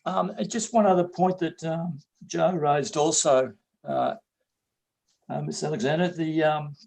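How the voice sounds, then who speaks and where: A man's voice: fairly high pitch, a little slow, gravelly, darkish tone, low-quality recording. A man chairing a council meeting, polite and hesitant, with many fillers.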